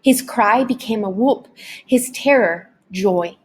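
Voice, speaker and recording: A woman narrating a novel chapter aloud in a dramatic, expressive audiobook reading. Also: medium pitch, takes it slowly, breathy edge. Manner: dramatic, varied storytelling delivery.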